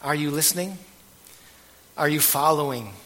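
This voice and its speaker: A man preaching a sermon as pastor, earnest and measured, letting his phrase ends trail off softly. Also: on the high side. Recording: long hall reverb.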